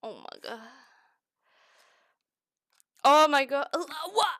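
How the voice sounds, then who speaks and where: A young Scottish woman chatting excitedly and swearing often while crafting on a close mic. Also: high voice, slow pace, dry recording. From Scotland. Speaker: streamer. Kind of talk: casual crafting chat.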